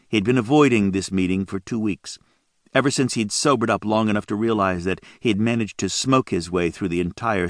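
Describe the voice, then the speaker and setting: A man reading a story aloud as audiobook narrator in a steady, even manner. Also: low voice, dry recording, clean studio sound. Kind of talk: scripted narration.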